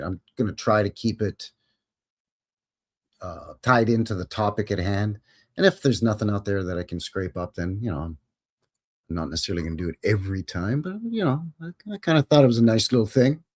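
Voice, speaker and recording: A man's voice: lowish voice, animated, a little fast, a little mellow. A man hosting a live show, chatting casually and greeting viewers by name. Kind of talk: casual livestream chat.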